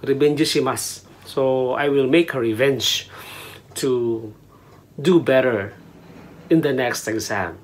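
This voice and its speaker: Husky, slow language teacher. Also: medium pitch. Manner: mixes Tagalog and English, spells words letter by letter. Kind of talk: casual language lesson. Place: small room at home.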